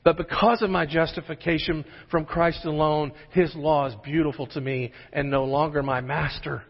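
A high-voiced man delivers an emphatic sermon, stacking rhetorical questions as he drives each point home. The sound is muffled and dull, and a long reverb trails his words through a large church sanctuary. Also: steady tone, moderate pace, gravelly. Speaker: pastor.

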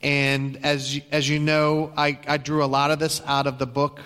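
A middle-aged male pastor tells a story from the pulpit in a fairly high, bright, forceful voice, speaking conversationally and restarting often. His delivery is flat, his pace moderate and his tone clean, and a long sanctuary reverb trails every line.

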